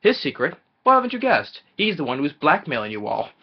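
A man's voice: fairly high pitch, expressive, a little fast. A man voicing a poised, sardonic male butler, raising his voice and speaking theatrically in a muffled recording. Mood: dramatic.

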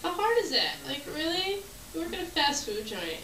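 A woman performing a stand-up comedy set, animated, working the crowd and acting out bits. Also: high-pitched, normal speed. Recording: echoey room from far off, noisy.

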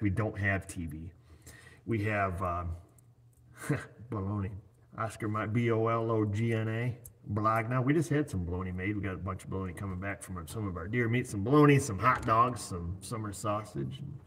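Livestream host, man in his 40s, lowish husky voice, chatty and jokey. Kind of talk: casual livestream chat. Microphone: computer set up on his screen.

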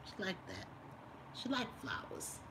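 A woman's voice: mid-range voice, wildly swooping pitch, measured pace, a bit bright. Chatty woman vlogger, noisy background. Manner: chatty, teasing, reads viewer comments aloud. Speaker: lifestyle vlogger doing a live stream. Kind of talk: casual live-stream chat.

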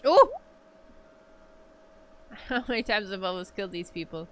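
A woman streamer chatting casually while she plays a game, playful and jokey, reacting out loud. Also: medium pitch, quick pace, a little hiss or hum.

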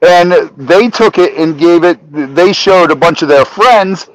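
A middle-aged man telling a story as a podcast guest, animated and profane, rising to shouts when he acts out arguments. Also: sits high, a little slow, dry recording, poor audio. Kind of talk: storytelling in casual chat.

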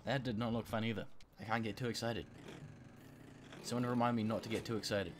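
A man commentating on a game he is playing, excitable and swearing, a bit sick and clearing his throat. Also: lowish voice, fairly quick, noisy background. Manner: excitable, swearing, yelping at failures. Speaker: gameplay commentator. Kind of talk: let's play commentary.

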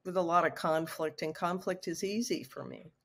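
A guest author in her sixties, appearing on a video call, recounts a personal story with frankness and emotion. Her voice is lowish and her speed normal.

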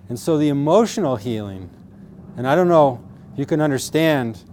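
A middle-aged man speaks with earnest conviction about the emotional side of pain. His voice sits at an ordinary male pitch, and his talk is steady and explanatory. He often drops into the words of his patients and acts them out with feeling. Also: normal speed, slight background noise. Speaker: pain therapist.

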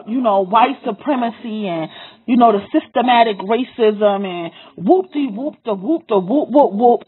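A woman's voice: sits high, husky. Woman ranting straight at you, cussing, repeats herself, tinny phone-ish audio. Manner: forceful, profane, repeats lines for emphasis, speaks straight to the listener. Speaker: vlogger. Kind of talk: impassioned direct-to-camera monologue.

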